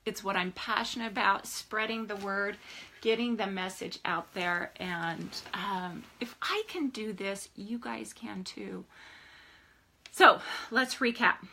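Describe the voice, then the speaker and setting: An older woman speaking as a life coach in an enthusiastic, animated motivational vlog, often laughing. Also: medium pitch, takes it slowly, vocal fry, a little hiss or hum.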